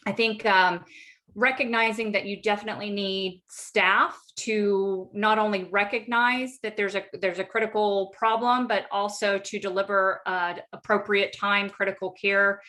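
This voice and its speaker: A woman moderating an online medical education panel, speaking in a measured, thoughtful way with frequent ums. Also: medium pitch, fairly even intonation, sharp tone.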